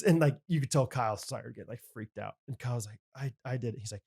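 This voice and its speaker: A man in his thirties co-hosting a podcast, telling a camp story in casual chat and acting out the quotes loudly. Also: medium pitch, fast talker. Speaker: podcast co-host.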